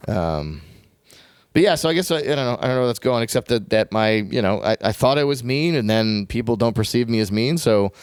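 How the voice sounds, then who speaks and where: A man's voice: mid-range voice, expressive, clear, resonant tone, dry recording. A man co-hosting a casual podcast, telling stories in a loose, rambling way that keeps turning back on himself. He laughs easily and makes fun of himself. His voice sits mid-range and is recorded close and dry on a studio mic. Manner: rambling, self-deprecating, quick to laugh. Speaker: podcast co-host.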